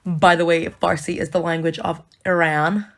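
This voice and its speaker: A woman telling a story to the camera, excitable and expressive. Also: fairly low pitch, moderate pace.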